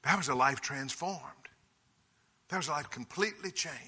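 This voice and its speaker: A man preaching a sermon, telling folksy, humorous stories in a lively way. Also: fairly high pitch, moderate pace, slightly rough. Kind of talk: sermon with storytelling. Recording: reverberant hall.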